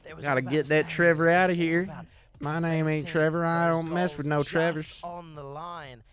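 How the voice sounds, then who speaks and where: A man's voice: fairly high pitch, fairly even intonation, fast talker, a crowd in the background, close to an everyday voice. A male streamer putting on an exaggerated American Southern drawl to play a brash, folksy good ol' boy who teases and brags. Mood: boastful. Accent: put-on American Southern. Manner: folksy, teasing, boastful drawl. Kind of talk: joking watch-party commentary.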